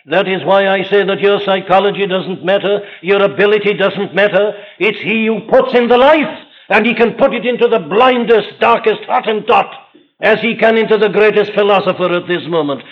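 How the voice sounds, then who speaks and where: A man preaching an impassioned sermon from a church pulpit, with rising and falling emphasis. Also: sits high. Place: large church. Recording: dull archival sermon recording.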